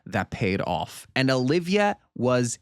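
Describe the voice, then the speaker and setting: A young man recapping a comedy film in a casual, sarcastic way, swearing often and telling it with lively energy. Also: mid-range voice, slow, clean tone, no echo, studio quality. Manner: profane, sarcastic, animated storytelling. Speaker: movie reviewer.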